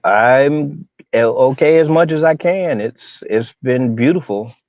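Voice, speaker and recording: A man's voice: mid-range voice, measured pace. A man joining a livestream as a guest, easygoing and laid-back in casual chat. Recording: dull lo-fi call audio.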